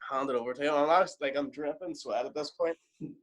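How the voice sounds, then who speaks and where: Man telling lively stories. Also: a little high, fast talker. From Ireland. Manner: animated, lively anecdote telling with quoted exchanges. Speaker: professional wrestler guest. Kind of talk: casual storytelling.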